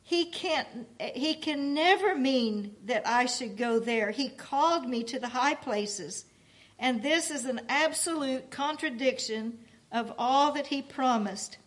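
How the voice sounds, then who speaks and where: A timid young woman pilgrim pleads in a high, slow voice, as a woman reads her lines aloud. Her words come out unhurried, distressed and on the edge of tears. The telling is storybook-like and plain. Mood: pleading. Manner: pleading, tearful.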